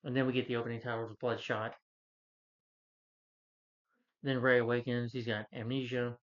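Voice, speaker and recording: A man's voice: mid-range voice, level tone, normal speed. A man rants casually through a film review, rambling as he retells scenes and acts out the characters' lines. His voice sits in a middle range. The recording sounds slightly dull and lo-fi. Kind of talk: casual spoken movie rant.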